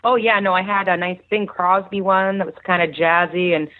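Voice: medium pitch, fairly even intonation, normal speed, dry recording. A podcast co-host chatting casually and upbeat, heard over a tinny phone line. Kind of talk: casual chat.

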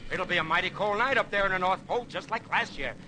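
A man's voice: sits high, fast talker, background noise, lightly acted. An actor playing a jolly old Santa Claus who laughs heartily and narrates his Christmas Eve journey on a vintage children's record. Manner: hearty ho-ho laughter, animal and train noises.

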